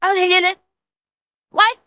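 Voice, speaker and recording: A woman's voice: very high-pitched, little pitch movement, a little slow, pushed and bright, dry recording, highs cut off. A young woman streaming a reaction to a video, ranting in a profane, exasperated way.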